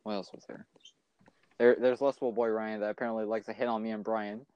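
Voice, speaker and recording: A man's voice: fairly low pitch, level tone, fairly quick, a little mellow, smooth, muffled recording. A young man co-hosting a casual podcast, teasing a friend with lots of laughter and stumbling restarts. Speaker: podcast co-host.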